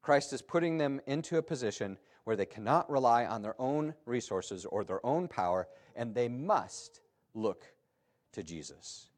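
A male pastor delivers a sermon. His pitch rises and falls across a wide range. He leans hard on key phrases, then drops low and quiet again. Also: normal speed. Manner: animated preaching with emphatic rises and drops.

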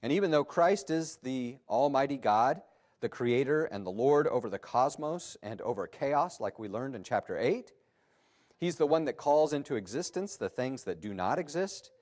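A man preaching a sermon as pastor, animated and emphatic, with sudden rises and drops in his delivery. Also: mid-range voice, moderate pace.

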